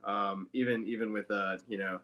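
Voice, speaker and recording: A man guesting on a casual podcast chat, teasing the host in a dry, deadpan way. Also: lowish voice, normal speed. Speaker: guest voice actor.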